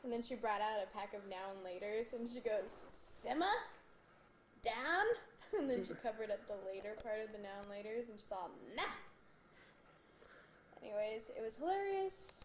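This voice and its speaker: A woman's voice: medium pitch, expressive, normal speed, darkish tone. A woman filming a home video, chatting playfully and coaxing her baby in a sing-song way. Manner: playful, coaxing baby talk with frequent laughter. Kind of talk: casual home-video chat. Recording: faint background noise.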